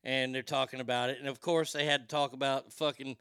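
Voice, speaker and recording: Creaky, bright-voiced ranting man. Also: medium pitch, flat delivery, a little fast, no room sound, studio quality. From Texas. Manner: ranting, profane, mock outrage with loud outbursts. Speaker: radio show host. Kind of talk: comedic rant.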